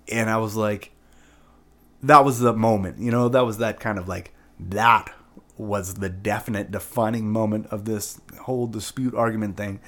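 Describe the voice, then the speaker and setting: A man telling a personal story in a casual, rambling way, swearing often and filling his talk with "like" and "right?". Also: mid-range voice. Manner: rambling and profane, full of "like" and "right?".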